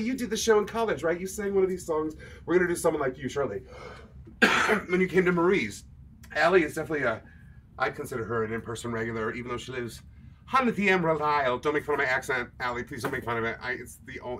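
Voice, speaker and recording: A man with an animated, mid-range voice and fairly bright tone talks fast while hosting a livestream, with a little hiss or hum audible. Between show tunes he chats casually with viewers, mocking himself and tossing off jokes and asides.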